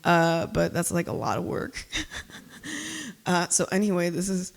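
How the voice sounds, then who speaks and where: Intense woman poet, smooth clear voice. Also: fairly low pitch, steady tone, a little slow. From Cuba. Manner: loud, emphatic, intense delivery. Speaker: spoken word poet. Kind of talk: spoken word poetry performance with chatty asides. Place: live reading at an art gallery.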